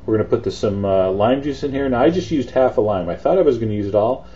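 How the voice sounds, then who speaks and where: Chatty guy walking you through a recipe, super dark mellow voice, kinda dull lo-fi sound. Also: mid-range voice, quick pace. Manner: chatty, relaxed instruction with fillers. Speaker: cooking show host. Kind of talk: casual cooking demonstration.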